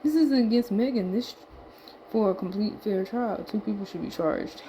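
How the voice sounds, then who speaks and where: A woman of middling pitch reads tweets aloud for her vlog and comments between them. She talks loosely, trailing off, muttering and swearing under her breath, and sounds a little winded. A faint background hiss sits under her voice. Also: normal speed. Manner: laid-back, muttering asides and swear words, trailing off. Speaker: vlogger reading tweets aloud. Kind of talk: casual commentary reading tweets.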